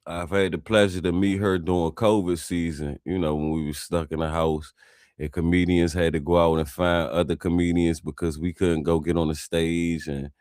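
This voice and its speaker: A man's voice: deep voice, flat delivery, moderate pace, darkish tone, dry recording, clean studio sound. A male comedian hosting a podcast, chatting in a laid-back, slangy way. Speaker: podcast host. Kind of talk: casual podcast chat.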